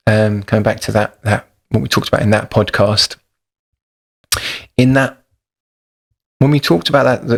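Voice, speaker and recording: A man's voice: mid-range voice, creaky. A man hosting a podcast, talking in a thoughtful, practical, explanatory way. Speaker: podcast host.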